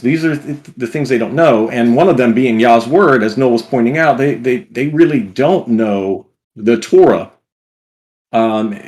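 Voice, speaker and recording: A man's voice: mid-range voice, a little mellow. A man in a casual bible study discussion, explaining his points in short, searching phrases. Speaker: guest commentator.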